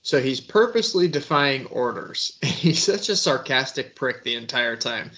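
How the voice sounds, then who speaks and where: A man's voice: mid-range voice, expressive, normal speed, sharp tone. A man hosting a casual true-crime commentary, scornful and laughing as he talks about the subject.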